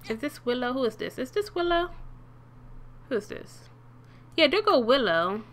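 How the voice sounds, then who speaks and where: A young woman giving casual, chatty commentary while playing a life-sim game, talking straight to her characters. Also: moderate pace. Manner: chatty, talks to the game characters, bursts of excited high pitch. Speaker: let's play gamer.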